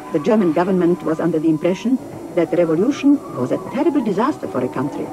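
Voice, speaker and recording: A woman's voice: on the low side, lightly acted, rough recording. A woman reading as a wistful exiled revolutionary wife. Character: middle-aged woman revolutionary recalling exile. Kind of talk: documentary reading of a memoir.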